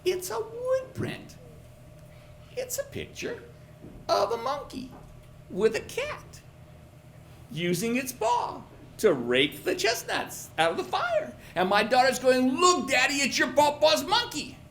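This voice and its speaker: Animated folksy middle-aged man telling a story. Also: very high-pitched, slow, vocal fry, long pauses, a little hiss or hum. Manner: folksy, animated, repeats words. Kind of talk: live personal storytelling. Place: pub stage before an audience. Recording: roomy pub with faint chatter.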